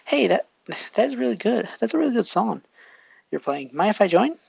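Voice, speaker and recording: A storyteller voicing an excited teenage girl singer who teases her friend and stammers when nervous. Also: mid-range voice, normal speed, gravelly, slightly rough, no echo, highs cut off, voice pushed up, exaggerated voice. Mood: cheerful. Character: excited teen girl singer, shy but teasing.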